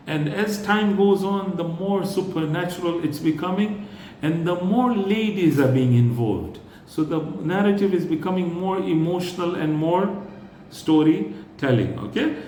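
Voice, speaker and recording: A man's voice: fairly high pitch, a little mellow. Man lecturing in a roomy echo. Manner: explanatory, often checks in with listeners. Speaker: religious lecturer. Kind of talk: religious lecture. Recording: roomy echo with faint noise.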